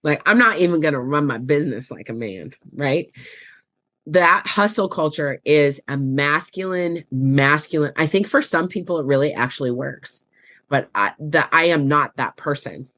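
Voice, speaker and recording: A woman's voice: low-pitched, moderate pace, fairly bright tone. A middle-aged woman, a life coach guest on a podcast, talking in a candid, blunt and salty way, telling stories with lots of "like". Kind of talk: casual interview chat.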